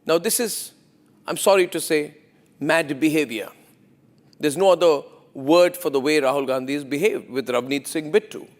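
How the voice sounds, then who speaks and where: Guy anchoring the news, pretty high voice, hammering points over and over, tons of rhetorical questions. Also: normal speed. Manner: emphatic, repetitive, rhetorical questions. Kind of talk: opinionated news monologue.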